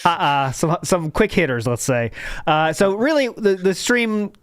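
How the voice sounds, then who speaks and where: Smooth-voiced man hosting a chatty podcast. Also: high voice, lively intonation, a little slow, no echo. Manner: rambling, self-correcting, laughs at own jokes. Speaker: podcast host. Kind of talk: casual podcast commentary.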